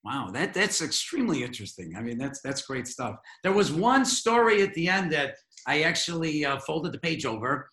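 A man's voice: a little high, big pitch swings, moderate pace, hardly any pauses, sharp tone. A man hosting an interview, upbeat and easily amused, who also reads a passage aloud from the guest's book. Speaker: interview host. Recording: echoey room.

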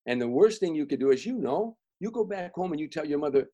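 A man's voice: fairly high pitch, animated, quick pace, poor audio. An older man from the Chicago area, a guest comedian telling rambling personal anecdotes with many restarts and repeated words. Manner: restarts, repeats words, grows soft and reflective.

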